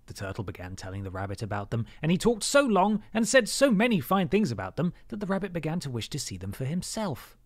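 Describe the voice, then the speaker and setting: A man co-hosting a livestream and reading a story aloud in a relaxed, wry way, dropping in joking asides. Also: a little high, fast, few pauses, dry recording. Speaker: streamer and co-host.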